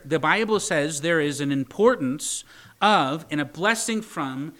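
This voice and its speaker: A man, a pastor preaching a sermon, who reads scripture slowly and deliberately and puts rhetorical questions to the congregation. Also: a little high, animated, a bit bright. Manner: teasing asides.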